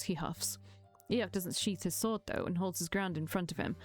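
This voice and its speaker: A woman's voice: on the low side, fairly quick, faint music behind. A woman streamer reading a visual novel aloud in the first person, telling the story expressively.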